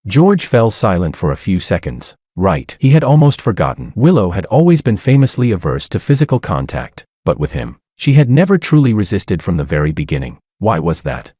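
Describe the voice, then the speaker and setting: A man's voice: on the low side, sing-song, a little fast, hardly any pauses, warm tone, no echo, clean studio sound. A man reading a romance story aloud, voicing every character's lines in his own voice. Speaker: narrator. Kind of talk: scripted romance narration.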